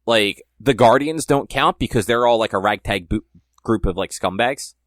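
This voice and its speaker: A man's voice: fairly low pitch, normal speed, a bit bright, no echo, clean studio sound. A young man co-hosting a podcast, rambling in casual chat and leaning hard on filler words. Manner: rambling, heavy use of "like". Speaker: podcast co-host.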